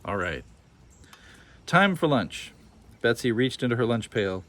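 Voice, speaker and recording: A man reads a children's picture book aloud, telling the story in an expressive, animated way. His voice is medium in pitch and a little slow.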